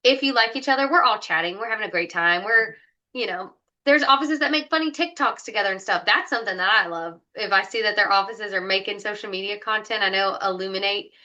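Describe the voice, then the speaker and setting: A woman's voice: medium pitch, quick pace, bright, forceful tone, highs cut off. A woman co-hosting a casual podcast chat, giving upbeat, enthusiastic advice about hiring in dental offices. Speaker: co-host, dental recruiter.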